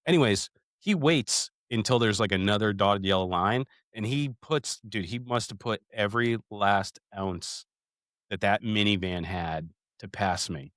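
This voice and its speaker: A man's voice: fairly low pitch, measured pace, a bit bright, no room sound, clean studio sound. A man in his thirties co-hosting a casual podcast, talking in a profane, rambling way and calling everyone "dude". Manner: profane, rambling storyteller, calls listeners "dude". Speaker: podcast co-host.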